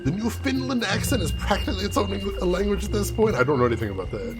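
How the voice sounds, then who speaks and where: Animated man streaming over game music. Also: high voice, fast talker. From Chicago area, USA. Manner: chatty and animated, laughs often. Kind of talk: casual chat with live viewers while gaming. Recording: music playing under the voice.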